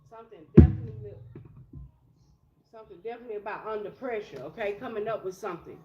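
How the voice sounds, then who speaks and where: A woman's voice: medium pitch, lively intonation, quick pace, lo-fi sound. A woman doing a casual tarot reading in a blunt, profane, streetwise way. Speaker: tarot reader. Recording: echoey room with loud music.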